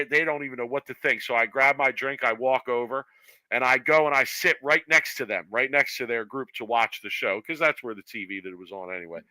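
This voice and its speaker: A man co-hosting a podcast, spinning an animated story and acting out the people in it. His voice is very bright and cutting. It sits close and dry on the mic, with no room sound. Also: medium pitch, no echo, rough recording. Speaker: podcast co-host. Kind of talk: casual storytelling chat.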